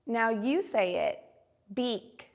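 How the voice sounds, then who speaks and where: A woman teaching a phonics lesson to young children, modeling each word carefully and slowly. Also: fairly high pitch, expressive.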